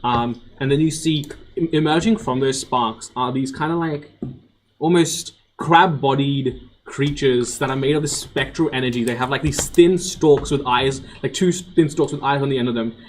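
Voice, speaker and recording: A man running a tabletop game as game master, describing the scene in loose, halting sentences full of fillers. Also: mid-range voice, a little hiss or hum, poor audio.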